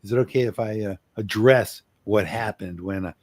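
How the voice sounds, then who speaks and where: Earnest, low-voiced man coaching. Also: a little mellow, no room sound. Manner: earnest, slows down for emphasis. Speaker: communication coach. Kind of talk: role-played apology demonstration.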